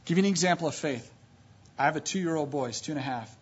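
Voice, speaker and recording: Male preacher, slightly high and husky, emphatic sermon delivery, muffled lo-fi recording. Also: fast. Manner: emphatic, building from low and quiet to loud and high; retells scripture stories with quoted voices. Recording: dull lo-fi recording.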